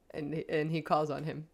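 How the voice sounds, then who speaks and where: A woman player in a tabletop game, joking and quick. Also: fairly low pitch.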